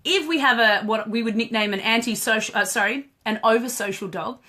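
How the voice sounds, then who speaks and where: A woman's voice: fairly high pitch, a little fast, bright, forceful tone. A woman, hosting a casual live stream as a dog trainer, chatty and laughing, greeting viewers by name.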